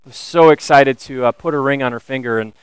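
A man preaching a sermon, animated and building to emphatic questions. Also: medium pitch, quick pace, clear, resonant tone, no echo, low-quality recording. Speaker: pastor.

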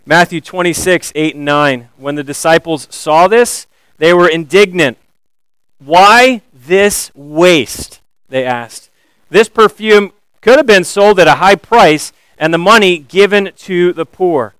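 A man delivers a sermon in a smooth, fairly high voice. He is animated and builds to emphatic questions. The sound is close and dry. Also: a little slow, no room sound, poor audio. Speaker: pastor.

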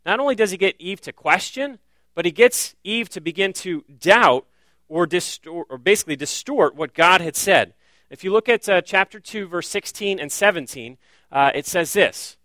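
Guy pastor preaching, earnest, keeps firing off questions, kinda high and bright, dry sound. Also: lively intonation, normal speed, no room sound. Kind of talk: sermon.

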